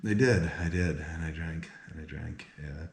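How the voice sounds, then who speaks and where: A man hosting a casual interview, telling animated, self-mocking stories and laughing often. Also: extremely low pitch, moderate pace, gravelly. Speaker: host. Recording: very echoey room.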